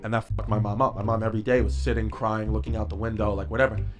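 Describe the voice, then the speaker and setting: A man rattles through a personal anecdote at a quick clip, his voice lively and breaking into laughter. He tells it like a podcast tale among friends. Faint music sits underneath. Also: fairly low pitch. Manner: animated, laughing through the story. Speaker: podcast storyteller. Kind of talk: casual storytelling.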